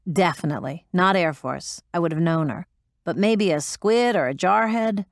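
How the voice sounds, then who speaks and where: A woman's voice: on the low side, moderate pace, no echo, studio quality, natural voice. An actress playing a blunt, profane former woman pilot recounting her story in an interview. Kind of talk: audiobook drama performance.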